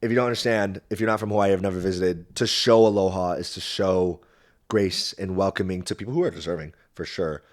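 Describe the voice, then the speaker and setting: A man's voice: deep voice, brisk. Rambling, profane young man telling a story. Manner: animated, profane, rambling with frequent fillers. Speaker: podcast host. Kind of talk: casual storytelling.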